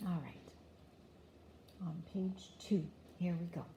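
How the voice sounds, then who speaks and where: An older woman, a grandmother, gently reading a picture book aloud to a child with chatty asides. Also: lowish voice, little pitch movement, takes it slowly, pauses often, lo-fi sound, slight background noise.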